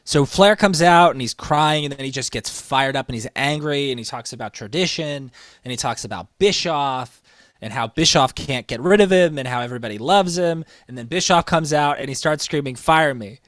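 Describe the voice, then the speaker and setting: With no echo in the recording, this fairly quick-talking man co-hosts a laid-back wrestling podcast. His storytelling builds in excitement, his voice pitching upward as he gets worked up.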